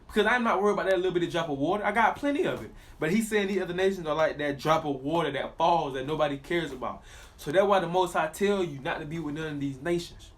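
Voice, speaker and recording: Casting: man with a fairly high voice, emphatic and repetitive, preaching straight to the viewer. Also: a bit bright. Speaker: religious commentator. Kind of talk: preachy monologue with scripture reading.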